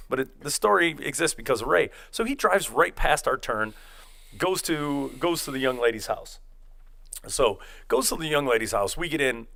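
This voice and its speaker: A man's voice: medium pitch, gravelly. Profane man rambling through a story. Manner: rambling, profane, animated retelling with acted-out quotes. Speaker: podcast host telling a story. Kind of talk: casual storytelling.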